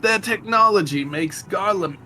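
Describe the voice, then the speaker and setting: A man's voice: sits high, moderate pace, sharp tone, slight background noise, voice pushed up. A man voicing an eager young male sidekick mechanic while reading game dialogue on a stream.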